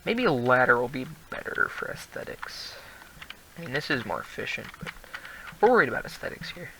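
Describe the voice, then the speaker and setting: A man's voice: mid-range voice, sing-song, fairly quick, creaky, bright, forceful tone, slight background noise, poor audio. A teenage boy casually commenting on his own building game, rambling and laughing at himself now and then. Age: teens. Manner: rambling, self-deprecating, laughs often. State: prone to coughing. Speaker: gaming video host.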